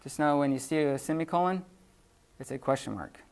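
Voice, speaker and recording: A man's voice: fairly high pitch, a little fast, creaky, a little mellow. A man teaching a beginner Greek class in a classroom, explaining casually with lots of fillers and restarts. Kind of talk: unscripted classroom lecture.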